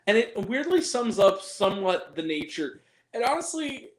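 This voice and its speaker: A man's voice: high-pitched, very animated, moderate pace, echoey room, a little hiss or hum, poor audio. A man hosting a casual spoken movie review, ranting and swearing in exasperation.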